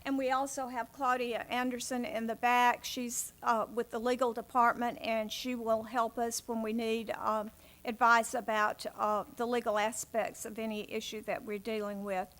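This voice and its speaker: A woman's voice: fairly high pitch, little pitch movement, moderate pace, a bit bright. A woman chairing a city planning commission meeting in council chambers, speaking in polite, formal procedural phrasing.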